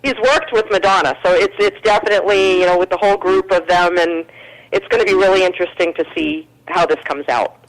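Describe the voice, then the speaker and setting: A woman's voice: lowish voice, steady tone, brisk, rough recording. An American woman talking as a guest musician in a casual chat, earnest and full of fillers and restarts. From United States.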